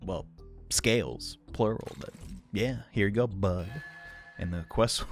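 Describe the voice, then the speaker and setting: A man's voice: lowish voice, measured pace, faint music behind. A man giving casual gameplay commentary as the host of a let's play, wry, sarcastic and chatty.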